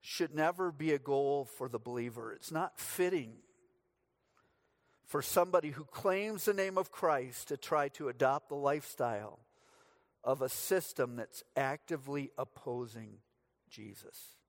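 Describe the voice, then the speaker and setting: A man's voice: medium pitch, measured pace. A middle-aged man from the United States, preaching a sermon as pastor, telling stories with dry humor.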